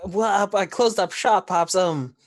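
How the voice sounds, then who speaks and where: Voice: medium pitch, measured pace, close to an everyday voice. A player voicing an earnest young man, a grown son, in a tabletop game, speaking hesitantly with lots of ums. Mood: flustered.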